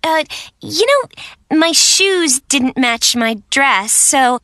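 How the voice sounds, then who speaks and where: A hesitant teenage daughter. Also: female voice, high-pitched, animated, very slow, sharp tone, dry recording, clean studio sound, heavily acted. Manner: hesitant, evasive. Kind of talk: textbook listening dialogue.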